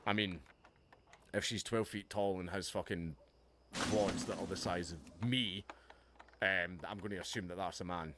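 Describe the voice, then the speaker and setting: A man's voice: low voice, moderate pace, pauses often. Man ranting hotly on a noisy stream. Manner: heated, profane, sarcastic. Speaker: livestream host. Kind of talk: ranting reaction commentary. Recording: noticeable background noise.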